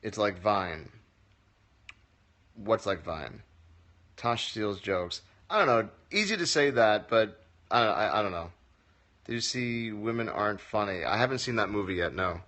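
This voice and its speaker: A man's voice: on the low side, lively intonation, measured pace, pauses often, pushed and bright. Wry man answering livestream comments. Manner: wry, joking, reads comments aloud and answers. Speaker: comedy teacher answering viewer questions. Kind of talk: casual livestream Q&A. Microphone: phone livestream.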